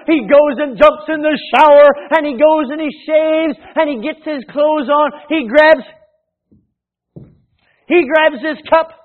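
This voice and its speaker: A man with a very high voice preaches a sermon, reading scripture and then acting out a Bible story. He performs the characters lively. The sound is thin and phone-like. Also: unhurried. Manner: animated storytelling with acted voices.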